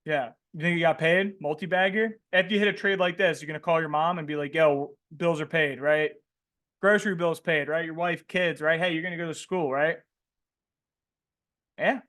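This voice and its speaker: A man coaching traders in a live webinar, asking the audience questions and tacking "right?" onto nearly every line, with a slangy, joking manner. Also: fairly high pitch. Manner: animated, asks questions and tags "right?" constantly. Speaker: trading coach.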